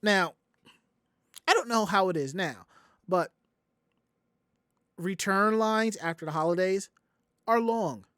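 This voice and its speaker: This podcast host from the Southern United States speaks in a high register, slowly and with long pauses. The studio-quality recording has no echo. He's animated as he spins a long, casual story, voicing each person's quoted words himself.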